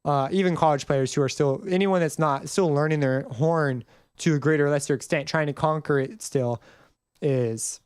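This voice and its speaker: A man's voice: on the high side, normal speed, clean tone, no echo, studio quality. A young man casually explaining music theory in a tutorial, rambling a little and singing short notes to demonstrate. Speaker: music composition teacher. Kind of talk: screen-recorded tutorial.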